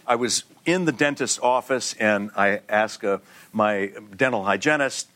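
A middle-aged man, a guest actor on a TV talk show, telling anecdotes in a lively way, acting out voices and laughing often. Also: on the low side, unhurried.

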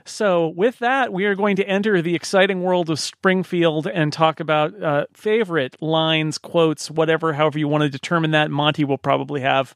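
A man's voice: a little high, steady tone, normal speed, hardly any pauses, no room sound, studio quality. A man hosting a podcast, running the panel with light, self-deprecating jokes. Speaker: podcast host.

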